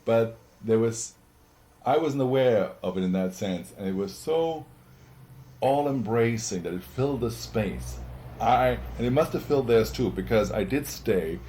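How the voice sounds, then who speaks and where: A man's voice: medium pitch, animated, measured pace, dark tone. A middle-aged man reminiscing in a casual interview, an exuberant, rambling storyteller.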